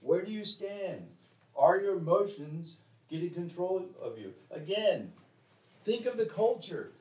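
A man preaching a sermon in a church, pressing the congregation with direct questions, with sharp emphatic rises and drops. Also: high voice, big pitch swings, unhurried, highs cut off. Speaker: pastor. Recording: echoey room, mic at a distance.

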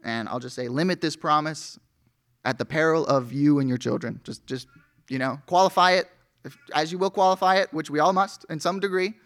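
A man's voice: fairly high pitch, brisk, fairly bright tone. A male pastor preaching an earnest sermon, reading scripture aloud with rising emphasis.

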